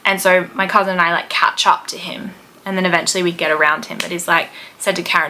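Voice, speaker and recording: A woman's voice: lowish voice, steady tone, fast, sharp tone, slight background noise. A woman in her thirties with an Australian accent, telling a travel story in casual chat, rambling with lots of fillers. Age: 30s. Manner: chatty and rambling, with many "like" and "um" fillers. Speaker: podcast host, history teacher.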